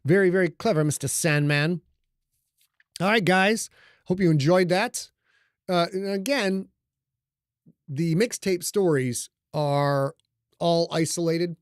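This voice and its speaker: A man's voice: on the high side, takes it slowly, long pauses, smooth, dry recording, studio quality. Rambling man hosting a livestream. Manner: loose, rambling, joking. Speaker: livestream host and author. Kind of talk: casual livestream chat. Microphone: studio microphone.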